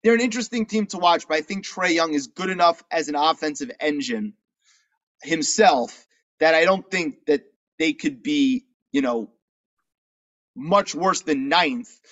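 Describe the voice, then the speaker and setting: A man with a somewhat high voice co-hosts a casual sports chat, animated and quick to fire back questions. The sound is dull and lo-fi. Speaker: podcast co-host.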